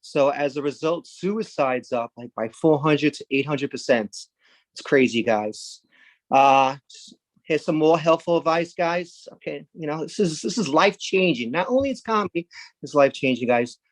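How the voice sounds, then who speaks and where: A stand-up comedian from Brooklyn, New York, delivers a rambling, deadpan set, suddenly leaping loudly into put-on voices. His voice is a little high, at normal speed, in a dry recording.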